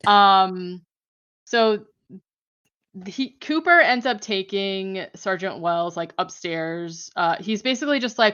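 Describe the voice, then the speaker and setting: A woman podcaster slowly and expressively recaps a horror film in a medium-pitched voice that's a bit bright, clear, and resonant, though the audio sounds dull. She's chatty and loose, using many fillers like "like" and laughing often.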